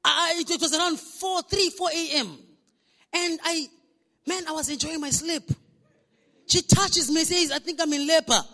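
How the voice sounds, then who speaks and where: Male pastor, storytelling sermon, very high bright voice, echoey church hall. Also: measured pace, vocal fry, pauses often. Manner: storytelling, animated, repeats words when restarting.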